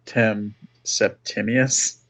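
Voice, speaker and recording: A man's voice: lowish voice, flat delivery, very slow, fairly bright tone. A man playing in a tabletop game, talking in a laid-back, joking way, swearing and stumbling over his words. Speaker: player. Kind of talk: casual tabletop play.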